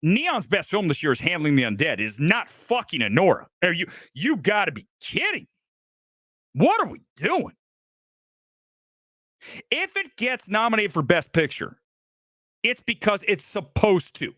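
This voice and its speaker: Male host for a live film rant; sarcastic, foul-mouthed, animated delivery, dry room. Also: high-pitched, unhurried, pauses often, no echo. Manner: angry, profane, sarcastic ranting; mocking put-on accent in quotes. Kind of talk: heated movie rant, live stream.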